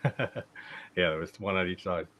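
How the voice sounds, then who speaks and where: A man's voice: low-pitched, unhurried, pushed and bright. A man hosting a live watch-party stream, chatting casually, laughing often and swearing now and then.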